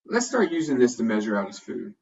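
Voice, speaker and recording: A man voicing a patient, kindly father in a children's storybook, explaining things calmly. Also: mid-range voice, a little fast, creaky. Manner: calm, explaining. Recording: dull, distant home recording.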